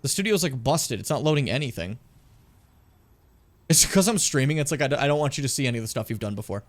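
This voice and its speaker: A man's voice: medium pitch, lively intonation, quick pace. A young man casually commenting on a game as he plays it, chatting with viewers and swearing often. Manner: chatty, swears a lot, talks to chat. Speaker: streamer.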